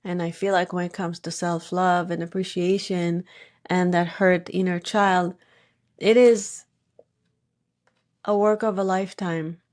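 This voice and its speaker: A woman's voice: on the low side, flat delivery, a little slow, long pauses, a little mellow. Earnest woman podcast host. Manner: earnest, personal storytelling. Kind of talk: casual interview talk.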